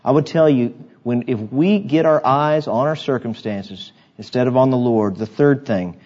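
A man's voice: medium pitch, normal speed, darkish tone, lo-fi sound. A male pastor preaching a sermon in an emphatic, conversational way, with asides to his congregation.

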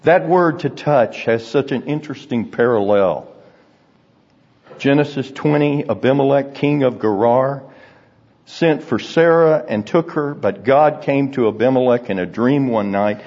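A man preaching a sermon, telling stories earnestly and deliberately and dropping to hushed, grave tones. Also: mid-range voice. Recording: dull recording in a reverberant hall.

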